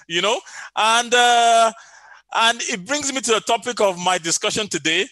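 A man's voice: sits high, animated, brisk, sharp tone, no room sound. A middle-aged man preaching a sermon over an online call, telling a story with many fillers and repeated phrases.

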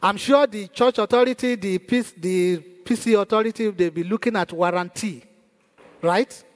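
A man's voice: high voice, normal speed. A male pastor preaching a sermon in a church hall, emphatic and repeating his key phrases. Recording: long church hall reverb.

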